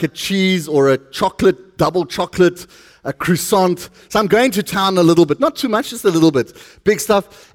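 High-voiced South African pastor joking with his flock. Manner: chatty, joking with the congregation. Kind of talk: sermon.

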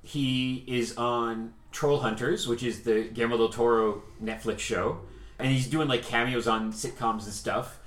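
A man's voice: mid-range voice, fairly even intonation, unhurried, a bit bright, reverberant. A man in his forties hosting a casual chat about upcoming films, talkative and enthusiastic. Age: 40s. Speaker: podcast host, cinema programmer.

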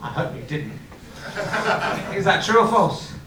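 A man's voice: a little high, big pitch swings, measured pace. A man hosting a live comedy show in front of an audience, teasing and playful, laughing often. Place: dark venue with live audience. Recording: echoey venue, distant mic, audience noise.

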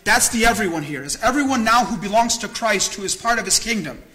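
A man's voice: sits high, expressive, quick pace, bright, forceful tone, low-quality recording. A man preaching a sermon as pastor, earnest and candid, repeating phrases for emphasis. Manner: candid, self-disclosing.

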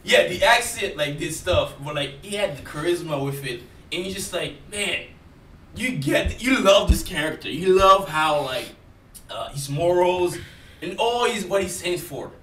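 A man's voice: high-pitched, animated, a little slow, a bit bright. A man with a non-native English accent, rambling in a casual chat, full of fillers and laughs. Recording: roomy, distant mic, faint noise.

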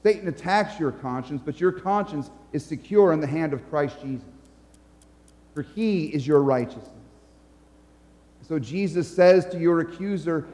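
A man's voice: a little high, animated, normal speed, a little mellow. Brief: an emphatic male preacher delivering a sermon in a reverberant church. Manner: earnest, emphatic, storytelling. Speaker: pastor.

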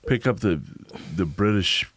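Low-voiced, low-key male podcast host. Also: lively intonation, measured pace. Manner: low-key, agreeable, quiet interjections. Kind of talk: podcast conversation.

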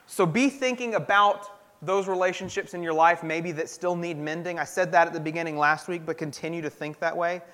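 High-voiced man preaching conversationally. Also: fairly even intonation, brisk, fairly bright tone. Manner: conversational, earnest, frequent restarts. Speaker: pastor. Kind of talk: sermon.

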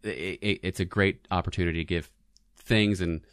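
A man's voice: sits low, fairly even intonation, moderate pace, fairly bright tone, dry recording, studio quality. A man co-hosting a casual chat show about commercials, talking in a chatty way with easy laughs and many restarts. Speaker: podcast co-host.

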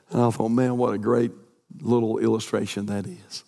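A man preaching a sermon, swinging from loud chanted exhortation to quiet storytelling. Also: on the low side, little pitch movement, unhurried, creaky, long pauses, long reverb tail. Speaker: pastor.

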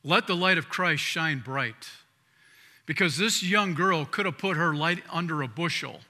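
A male pastor preaching with a very bright, forceful tone and a voice pitched a little high for a man. He talks conversationally, restarting words, and moves between loud emphatic lines and hushed asides. The sound carries a long hall reverb. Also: measured pace. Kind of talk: sermon.

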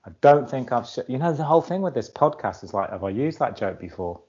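A man's voice: medium pitch, lively intonation, fast talker, a little mellow. A man co-hosting a podcast, with a dry, wry sense of humor. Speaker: podcast co-host. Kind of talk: casual chat. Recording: dull lo-fi sound.

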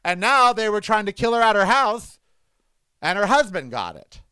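A man with a somewhat high voice rants in a rambling, emphatic way, like a casual home vlog. His voice is recorded close and dry, with no room sound. He stays indignant and restless the whole time. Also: sing-song, normal speed, sharp tone, clean tone, dry recording. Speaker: vlogger. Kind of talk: casual political commentary.

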